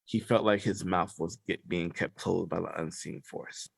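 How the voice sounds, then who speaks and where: A man co-hosting a podcast, telling a story in slangy casual chat, animated and sometimes dropping to a hush. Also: deep voice, normal speed, gravelly, breathy edge, no room sound, clean studio sound. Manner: animated storyteller, slangy, drops to hushed tones. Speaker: podcast co-host.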